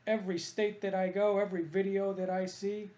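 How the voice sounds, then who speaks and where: A man rants on about baseball coaching, combative and repetitive, in a fairly high but mellow voice. He hammers the same points again and again. The audio is dull and lo-fi. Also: flat delivery, brisk. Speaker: hitting coach and columnist. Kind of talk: opinionated monologue.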